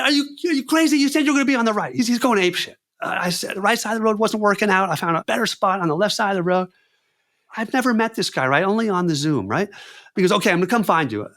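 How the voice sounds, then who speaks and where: A man on a podcast telling a story in a casual, animated way, acting out both sides of conversations and laughing readily. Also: on the high side. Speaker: podcast guest.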